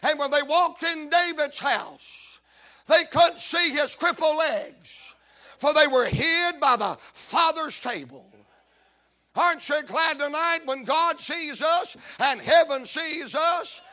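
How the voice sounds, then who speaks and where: This South Carolina-accented man delivers a revival sermon in a very high voice at a slow pace. He chants, shouts and whoops, going over his lines again and again in rhythm.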